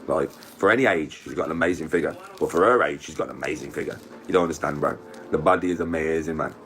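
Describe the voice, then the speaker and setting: A man's voice: extremely low pitch, fast, a bit bright. A middle-aged man chatting on a live stream, boastful, crude and rambling, laughing often. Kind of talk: boastful casual chat with friends.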